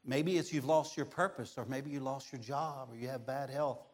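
Animated, joking male pastor. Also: moderate pace. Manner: animated, humorous storytelling with big swings in pitch and loudness. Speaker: guest pastor. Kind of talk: sermon with personal stories.

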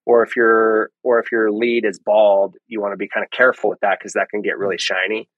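Low-voiced man explaining lighting setups. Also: a little fast, no echo, highs cut off. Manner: relaxed explaining, many ums and restarts. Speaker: lighting guest. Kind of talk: casual podcast interview.

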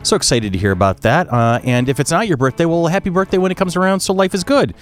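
A man's voice: on the high side, quick pace, soft background music. A man hosting a podcast, announcing upcoming events in a chatty, jokey way. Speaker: podcast host. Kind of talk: casual podcast chat.

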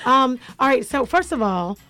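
A woman's voice: sits high, sing-song, normal speed, pushed and bright, faint music behind. A woman hosting a radio talk show, chatting casually in a bubbly, joking way and laughing often.

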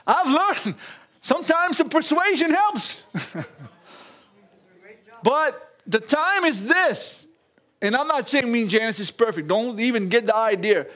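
A high-pitched older man with a drawl is preaching a sermon. His manner is folksy and chuckling, and he keeps calling out to the congregation as he tells the story. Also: animated, unhurried, long pauses, fairly bright tone.

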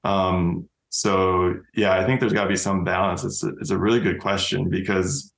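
Deep gravelly scientist guy on a panel, echoey room. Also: little pitch movement, normal speed, fairly bright tone. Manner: casual, hesitant with fillers. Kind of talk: panel discussion.

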